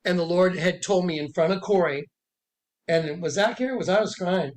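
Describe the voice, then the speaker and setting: A man's voice: high-pitched, normal speed. A man, a self-described prophet, telling an emotional story to followers sitting with him indoors, acting out the voices he quotes. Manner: emphatic, acts out quoted voices. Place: indoors with listeners present.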